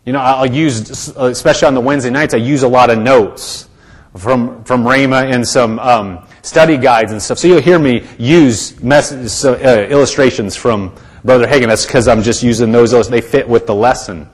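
A man's voice: mid-range voice, moderate pace. A man preaching to his congregation in a conversational, earnest way, often restarting his sentences. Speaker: pastor. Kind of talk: sermon.

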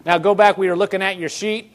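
Male pastor, high voice, earnest sermon delivery with acted-out inner voices. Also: fairly even intonation, fast talker. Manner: earnest preaching, quotes scripture, acts out inner dialogue.

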